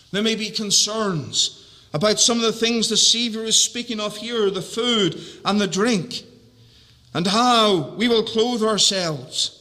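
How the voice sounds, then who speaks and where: A man with a high, bright voice delivers a sermon in slow, measured phrases. He lingers on words and repeats lines for emphasis. A long reverb rings around him as in a church hall. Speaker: preacher.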